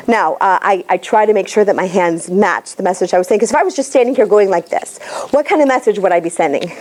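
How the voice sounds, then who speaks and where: A middle-aged woman giving a lively, direct workshop talk as a pitch coach to a room of listeners. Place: room with a live audience.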